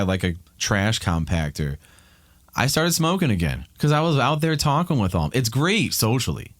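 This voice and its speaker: A man's voice: lowish voice, dry recording, studio quality. A man in his thirties from Ohio, a podcast guest talking candidly and rambling with many restarts in casual chat.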